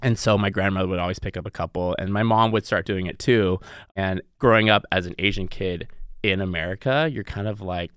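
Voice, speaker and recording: A man's voice: deep voice, a little fast, fairly bright tone, smooth, no echo, studio quality. A man chatting on a podcast as a guest chef, playful and giggly, with lots of "like" fillers. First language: Cantonese. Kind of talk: casual podcast chat.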